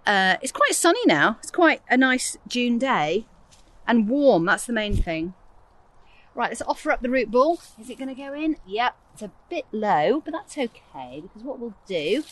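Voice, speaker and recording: A woman's voice: fairly high pitch, big pitch swings, normal speed, fairly bright tone. Chatty, self-mocking English woman gardening. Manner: chatty, self-deprecating, rambling asides. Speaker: gardening podcast host. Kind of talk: casual chat while gardening. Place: outdoors in a garden.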